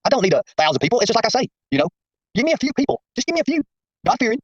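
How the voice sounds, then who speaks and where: Fast-talking, preachy man on a livestream. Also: very high-pitched, sing-song, no echo. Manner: folksy, preachy, repeats himself. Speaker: livestream host. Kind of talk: casual livestream chat. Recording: muffled lo-fi stream audio.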